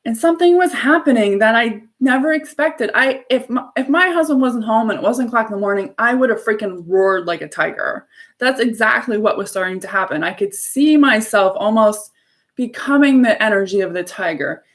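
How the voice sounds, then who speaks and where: Effusive woman telling a spiritual story. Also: medium pitch. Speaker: live show host. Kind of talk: casual spiritual live-stream talk.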